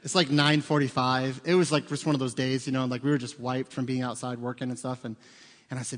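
A man in his forties, a pastor preaching a sermon in a church, telling stories conversationally and getting loud and excited to make a point. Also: mid-range voice, fast. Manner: conversational storytelling, rising loud and excited for emphasis. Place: church sanctuary. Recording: long hall reverb.

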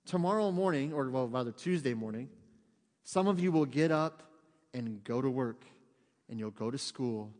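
A man preaching a sermon in a church, talking to the congregation in a lively, conversational way and acting out quotes. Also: mid-range voice, normal speed, long reverb tail. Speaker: pastor. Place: church sanctuary.

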